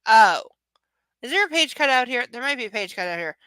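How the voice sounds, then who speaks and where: A woman's voice: on the high side, big pitch swings, a little fast, pushed and bright, clean tone, dry recording, poor audio. Woman, live novel reading, sarcastic asides, swearing, dry close sound. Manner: sarcastic, swears, mocks the text. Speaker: reader of a novel.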